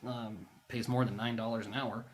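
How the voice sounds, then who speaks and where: A man talking straight to camera in a rambling, casual monologue. He rants and mocks himself wryly, and sometimes flares into loud bursts. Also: medium pitch, level tone, moderate pace. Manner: ranting, wry and self-mocking. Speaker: YouTuber.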